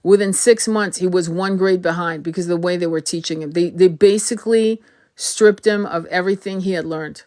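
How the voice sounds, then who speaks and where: A tarot reader hosts a live stream, chatting casually and bluntly to viewers, swearing freely and often restarting sentences. Her fairly low, steady, slightly mellow voice moves a little fast and sounds tired, her throat sore.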